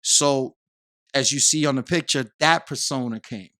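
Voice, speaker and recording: A man, a guest on a podcast, telling a long personal story in casual conversation, animated and repeating himself as he talks. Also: medium pitch, a little slow, dry recording, studio quality. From Puerto Rico.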